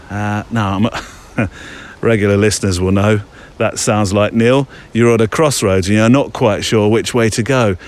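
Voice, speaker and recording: There's a slight hiss or hum under this man's fairly low voice as he hosts a podcast outdoors. Walking among trees, he rambles casually with many fillers.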